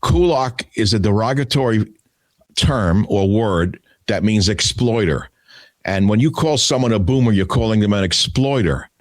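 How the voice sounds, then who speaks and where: A man's voice: on the low side, lively intonation, moderate pace, no room sound. An older man hosting a talk radio show, delivering a combative, scornful solo monologue. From United States.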